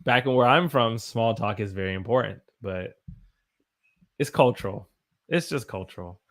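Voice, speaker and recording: American dude teaching english on a live stream, gravelly, greets chat by name. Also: male voice, on the low side, normal speed. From United States. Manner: chatty, animated, greets viewers by name.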